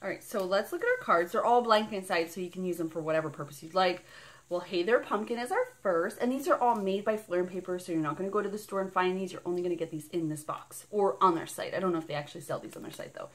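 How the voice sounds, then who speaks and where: A woman's voice: fairly low pitch, lively intonation, quick pace, hardly any pauses. A woman vlogging an unboxing in a casual, bubbly and rambling way, gushing over each item. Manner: bubbly and gushing, squealing with delight; rambling and chatty.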